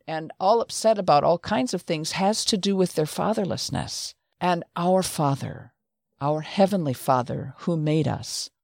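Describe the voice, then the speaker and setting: A woman's voice: low voice, dry recording, studio quality. A middle-aged woman hosting a Christian talk show, telling stories in an earnest, conversational way with frequent restarts. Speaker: host.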